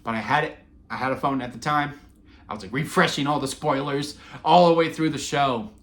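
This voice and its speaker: A man in his twenties telling wrestling memories in a casual, sentimental vlog, excitable and full of fillers and restarts. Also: medium pitch, fairly quick. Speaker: wrestling vlogger. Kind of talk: casual rambling storytelling.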